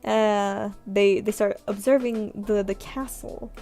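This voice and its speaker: Soft music plays as a young woman draws on stream and chats idly, self-deprecating and rambling with many fillers. She speaks slowly in a medium-pitched, steady voice.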